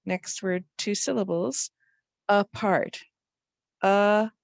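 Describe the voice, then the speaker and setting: A woman's voice: on the low side, animated, slow, vocal fry, no echo. A woman teaching a spelling lesson to young children, patiently sounding out letters and words.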